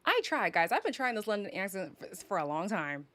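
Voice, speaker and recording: A woman's voice: medium pitch, sing-song, a little fast, a bit bright, no room sound. A young woman from Canada reviewing a reality show on a live stream in a sassy, dramatic, teasing way, often laughing. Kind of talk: casual live review chat.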